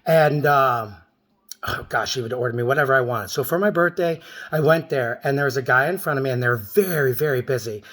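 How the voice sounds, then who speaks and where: A man in his thirties telling a rambling, intense personal story to the camera, with sudden loud outbursts. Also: medium pitch, a little fast.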